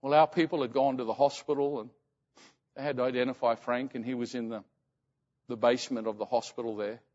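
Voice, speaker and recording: Man preaching, halting and heartfelt. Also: mid-range voice, steady tone, darkish tone. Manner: halting, repeats words when emotional. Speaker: pastor. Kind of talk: sermon storytelling. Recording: muffled sound in reverberant hall.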